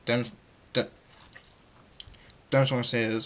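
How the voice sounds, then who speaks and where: A man reading a fan story aloud, halting and repeating words as he goes. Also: medium pitch, completely flat delivery, a bit bright.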